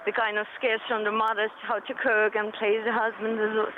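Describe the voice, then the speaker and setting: A woman in her twenties from Poland with a Polish accent, a radio phone-in caller who speaks in a hesitant, halting, giggly way. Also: a little high, flat delivery. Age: 20s. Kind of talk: phone-in chat. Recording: tinny phone line with faint hiss.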